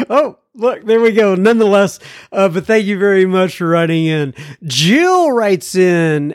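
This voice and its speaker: A man's voice: sits high, no echo, clean studio sound. A man hosting a podcast, reading listener mail in a chatty, self-deprecating way. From United States. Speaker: podcast host.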